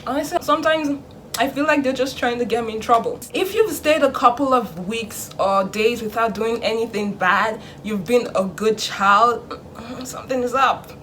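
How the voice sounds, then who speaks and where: A young woman vlogging in casual chat, animated, acting out her parents in a hushed voice. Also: fairly high pitch, normal speed, slight background noise.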